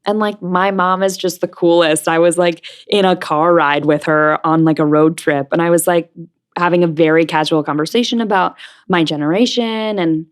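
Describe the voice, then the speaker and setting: A woman's voice: lowish voice, fairly even intonation, normal speed, clean tone. A young woman from the New York area, a Broadway actress chatting as a guest, frank and full of fillers. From New Jersey/New York. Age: young adult. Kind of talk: casual interview chat.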